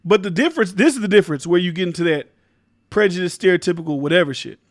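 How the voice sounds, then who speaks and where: Hosting his own commentary show, a man fast-talks through casual opinions in a high voice, emphatic and rambling. He swears freely and often restarts his sentences, and the clean studio sound has no echo.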